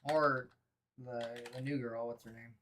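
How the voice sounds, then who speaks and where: Very low-voiced woman, laid-back co-host. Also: fairly even intonation, measured pace, fairly bright tone. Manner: laid-back, teasing, laughs a lot. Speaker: livestream co-host. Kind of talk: casual live chat.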